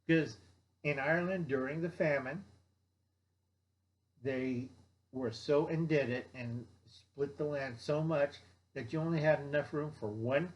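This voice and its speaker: An older man giving a blunt, rambling survival lecture, often checking in with "okay?" and mocking people in put-on voices. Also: on the high side. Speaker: survival vlogger. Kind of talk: rambling instructional monologue.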